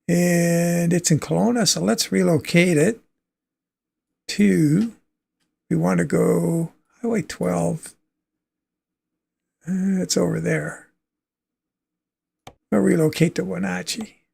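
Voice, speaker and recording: A man's voice: sits high, steady tone, slow pace, vocal fry, pauses often, dark tone, husky. A man from Canada hosting a livestream, chatting casually and thinking aloud as he plays a trucking game, with easy chuckles. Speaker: livestream host.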